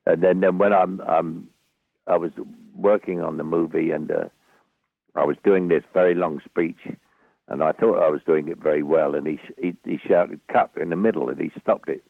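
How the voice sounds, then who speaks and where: Older man, Cockney accent, very deep, gravelly, rambling anecdotes, tinny phone-like radio audio. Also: steady tone, dry recording. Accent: Cockney London. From London, England. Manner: rambling, halting with restarts, dry humour. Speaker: guest actor. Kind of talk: anecdotal storytelling.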